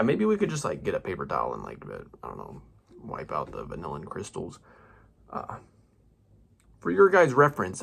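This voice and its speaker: A man's voice: low voice, gravelly, fairly bright tone. A young man casually talking through a hobby perfume-mixing vlog, rambling and self-mocking with slangy asides.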